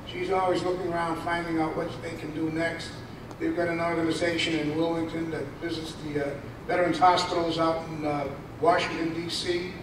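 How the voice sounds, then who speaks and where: An older man, a state representative, giving a folksy, rambling ceremonial speech at a luncheon, with asides and fillers. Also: high voice. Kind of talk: ceremonial speech presenting a citation. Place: banquet hall at a country club luncheon. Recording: echoey hall from far off, noisy.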